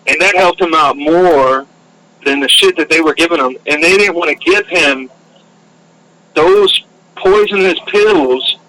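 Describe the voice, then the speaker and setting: A man's voice: on the high side, unhurried, pushed and bright, slight background noise, poor audio. A man in a casual podcast chat, talking in a heated, profane, emphatic way.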